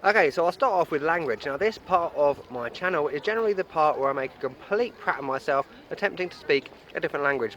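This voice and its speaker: A man's voice: fairly high pitch, a bit bright, a little hiss or hum. A young man presenting a cheerful travel guide vlog, explaining things patiently with a self-deprecating manner. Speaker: travel vlogger. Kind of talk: upbeat travel guide to camera.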